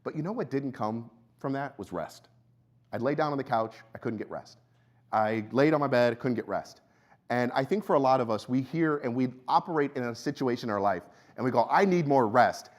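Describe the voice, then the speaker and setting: Young guy pastor giving a sermon, chatty, tells stories, mid pitch, gets low and quiet in the story parts. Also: fairly quick. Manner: conversational, storytelling, voice drops low and quiet in anecdotes. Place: church sanctuary.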